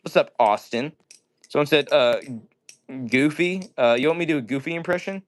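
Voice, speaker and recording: A man's voice: on the high side, normal speed. A man hosting a casual livestream, chatting with viewers and rambling and apologizing often. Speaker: livestream host.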